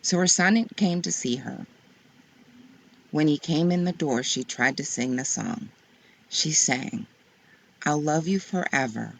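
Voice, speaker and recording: Slow, expressive woman storyteller. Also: low-pitched, creaky, a little hiss or hum. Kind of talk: reading picture books aloud.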